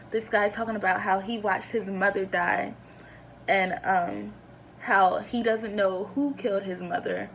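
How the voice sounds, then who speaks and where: A woman's voice: mid-range voice, dark tone, a little hiss or hum. A young woman vlogger telling a personal story in an earnest, emotional way, with lots of fillers and restarts. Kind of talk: casual storytelling to camera.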